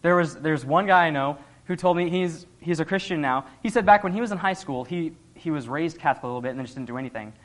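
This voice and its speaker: Man, young adult, lay preacher, earnest, conversational, slightly high voice. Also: quick pace, few pauses. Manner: earnest, conversational, laughs often. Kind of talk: sermon.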